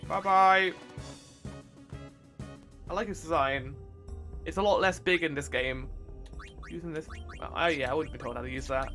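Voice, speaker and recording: A man giving casual, excitable commentary while playing a game, thinking aloud as he goes. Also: on the high side, normal speed, long pauses, soft background music. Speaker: let's play host.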